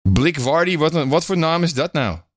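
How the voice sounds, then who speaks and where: A man co-hosting a podcast in casual chat, playful and quick to laugh. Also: fairly high pitch, animated, dry recording, studio quality. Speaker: podcast co-host.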